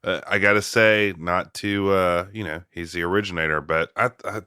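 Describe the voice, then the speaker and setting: A man on a casual film podcast, giving thoughtful, measured comments with some hesitation. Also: low voice, fairly even intonation, bright, forceful tone, clean tone, no echo, clean studio sound.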